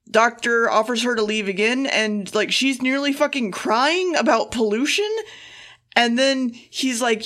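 A woman's voice: on the high side, a bit bright. Profane rambling woman podcast host. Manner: profane and rambling, acting out quotes. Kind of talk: casual episode recap.

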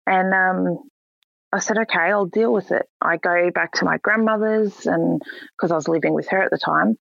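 A young woman retelling a personal story in a casual, animated way, voicing the people in it. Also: lowish voice, normal speed, gravelly, dry recording. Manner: lively, animated retelling with quoted voices. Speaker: guest. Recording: slightly dull lo-fi recording.

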